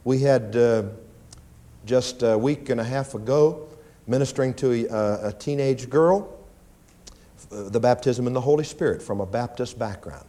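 A pastor preaching a sermon in church, animated and often mimicking whining prayers. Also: male voice, moderate pace. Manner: animated preaching, acts out pleading prayers in a high whine.

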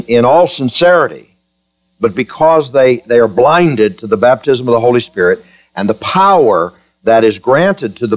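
A man preaching a sermon to his congregation, joking with them in a chatty way and then building to fervent, emphatic preaching. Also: medium pitch. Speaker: pastor.

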